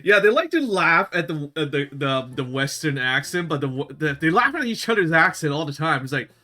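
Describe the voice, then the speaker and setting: A man's voice: fairly high pitch, sing-song, brisk, sharp tone. A man whose first language is a southern Chinese dialect related to Cantonese, chatting casually as a guest, laughing often and rambling with many fillers. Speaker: guest voice actor. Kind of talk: casual chat.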